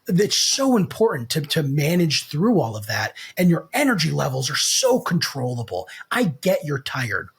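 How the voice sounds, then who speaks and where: A man's voice: sits high, slightly rough. A man co-hosting a casual business podcast, blunt and emphatic, swearing freely as he talks. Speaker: podcast co-host.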